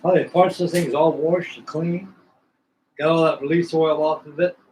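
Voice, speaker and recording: An older man in his sixties chats in a rambling, folksy way, circling back and repeating himself as he works. His voice sits a bit higher than most men's. A faint hum of room noise stays underneath. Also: fairly even intonation, moderate pace, a little mellow, poor audio. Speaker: scale model builder hosting a live stream. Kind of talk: casual storytelling chat.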